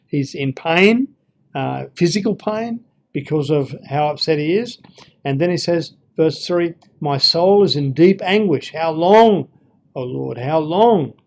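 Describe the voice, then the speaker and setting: A man's voice: on the high side, expressive, measured pace, darkish tone. A man giving an informal Bible lesson, thinking aloud with fillers and reading verses with feeling. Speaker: Bible teacher.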